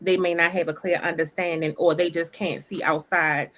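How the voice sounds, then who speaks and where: A woman's voice: fairly low pitch, flat delivery, moderate pace, a bit bright. A woman co-hosting a casual chat, making her points thoughtfully and step by step. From the Bronx, New York. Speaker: co-host. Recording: dull lo-fi sound.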